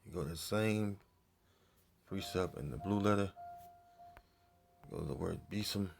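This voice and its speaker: A man teaching from the Bible in a casual, halting way, full of fillers, reading verses aloud more loudly and muttering to himself while he searches. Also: deep voice, creaky, a little hiss or hum. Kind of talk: informal scripture teaching.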